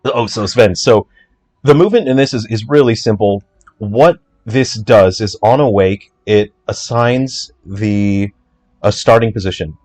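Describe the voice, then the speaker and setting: A man, an indie game developer, talking through his code in a casual walkthrough, chatty and joking with quick asides. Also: on the low side, darkish tone. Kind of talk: casual livestream coding walkthrough.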